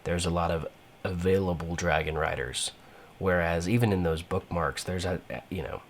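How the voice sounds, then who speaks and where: Deep-voiced rambling gameplay commentator. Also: male voice, steady tone, moderate pace, slight background noise. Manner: rambling, many fillers and restarts. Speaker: gaming channel host.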